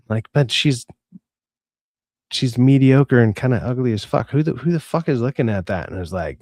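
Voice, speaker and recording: A man's voice: mid-range voice, big pitch swings, brisk, no echo, clean studio sound. A young adult man hosting a livestream, ranting in a profane, exasperated way with many stammered restarts, and reading out chat messages. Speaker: streamer host reading chat. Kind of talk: casual livestream rant.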